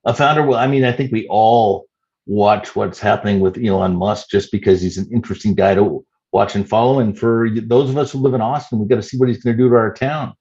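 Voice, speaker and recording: A man in his fifties, a startup CEO answering interview questions in a measured way with many "you know" fillers. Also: on the low side, darkish tone, highs cut off. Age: 50s.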